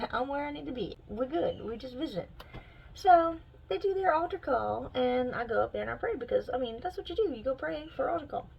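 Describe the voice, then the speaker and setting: Exasperated young woman with gravelly voice. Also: brisk, lo-fi sound, slight background noise. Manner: animated, exasperated storytelling with sudden pitch jumps. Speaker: vlogger. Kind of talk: casual storytelling vlog.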